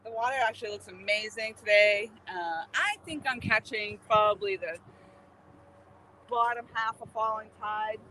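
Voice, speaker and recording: Out of breath on a riverbank, a woman hosts a fishing livestream and chats casually with viewers by name, laughing easily. Her medium-pitched voice has a sharp tone at normal speed, with a little hiss or hum.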